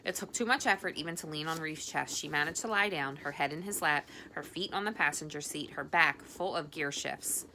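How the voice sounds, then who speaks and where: A woman reading a novel aloud, expressive, with the occasional slip. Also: low voice, brisk, vocal fry, hardly any pauses, a little hiss or hum. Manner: expressive, with small slips. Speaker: audiobook reader. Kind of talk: audiobook narration.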